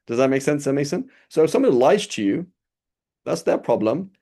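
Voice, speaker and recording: A man's voice: fairly high pitch, very animated, brisk, warm tone. A man giving an informal religious lesson, talking casually and asking his listeners questions as he goes. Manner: casual, conversational, asks listeners rhetorical questions. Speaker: religious teacher.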